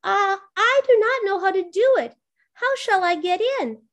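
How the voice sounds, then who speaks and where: A woman voicing a frightened, tearful little girl in a storybook reading, in a high, pleading voice. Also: expressive, measured pace, exaggerated voice. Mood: feigning helplessness.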